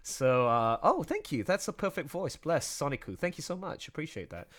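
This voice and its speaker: Animated, bright-voiced male streamer. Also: a little high. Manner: animated, laughs often, quick restarts. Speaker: livestream host and video editor. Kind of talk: casual livestream chat.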